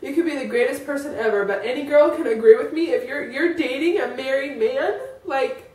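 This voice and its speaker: A woman's voice: high voice, a little fast, few pauses, a little mellow. A woman talking in a rambling, emotional way for a personal confessional vlog, with many fillers. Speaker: vlogger. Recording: echoey room, voice from a distance.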